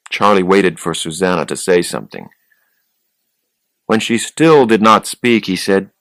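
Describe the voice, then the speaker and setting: A man reading an audiobook in a slow, plain, steady way. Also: sits low, dry recording, low-quality recording. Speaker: audiobook narrator. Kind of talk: scripted audiobook narration.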